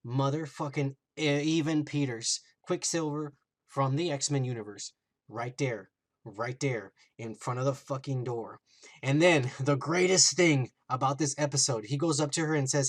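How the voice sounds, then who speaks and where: A man's voice: mid-range voice, moderate pace. Man recapping a TV episode in a casual, swearing podcast chat. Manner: animated, profane retelling with acted-out quotes. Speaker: podcast host.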